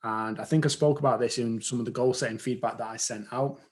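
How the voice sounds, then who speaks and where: A man's voice: mid-range voice, steady tone, fast talker. A man coaching in a group discussion, earnest and motivational, building his points in long lists. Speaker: performance coach.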